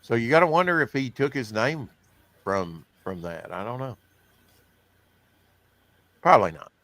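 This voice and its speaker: A man's voice: medium pitch, big pitch swings, a little slow, a bit bright, dry recording. A man hosting a comics podcast, reading news in a rambling, casual way, with lots of fillers. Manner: rambling, filler-heavy, self-deprecating. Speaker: podcast host.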